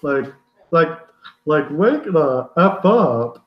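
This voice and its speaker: A man's voice: on the high side, very animated, very slow, soft background music, voice pushed up, exaggerated voice. Man impersonating an irritated male film director, mocking, profane, scoffing, echoey room, muffled lo-fi sound. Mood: exasperated ranting. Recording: roomy, dull lo-fi sound.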